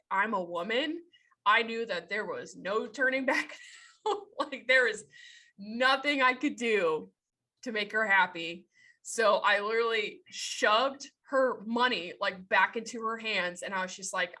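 A woman in her thirties telling a story in casual chat, animated and swearing freely as she laughs along. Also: a little high, measured pace. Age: 30s.

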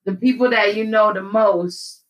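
A woman's voice: mid-range voice, steady tone, unhurried, rough recording. A middle-aged woman hosting a podcast over a video call, talking frankly, laughing often and swearing casually. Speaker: podcast host. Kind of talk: casual chat.

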